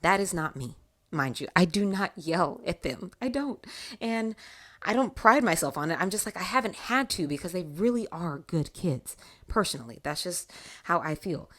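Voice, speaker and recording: Woman, podcast host, low pitch, casual faith talk, animated storytelling. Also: moderate pace. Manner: animated storytelling with frequent laughs.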